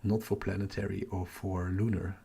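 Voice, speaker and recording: A middle-aged man hosting a night-time telescope livestream from home, half-whispering so he doesn't wake the house, muttering to himself over his capture software. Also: deep voice, little pitch movement, normal speed, gravelly, slightly rough. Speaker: astrophotography livestream host. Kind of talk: live stream commentary, talking to chat.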